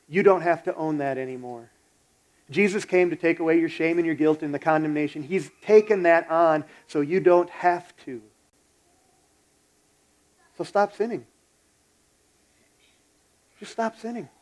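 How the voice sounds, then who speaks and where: Male pastor, sermon, blunt exhorting delivery, conversational, slightly high voice. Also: a little mellow, rough recording.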